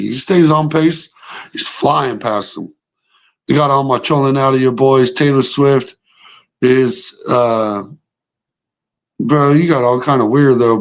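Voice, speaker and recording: A young man hosting a live sports reaction stream, arguing heatedly and profanely with chat comments. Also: medium pitch. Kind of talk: casual livestream reaction, reading chat.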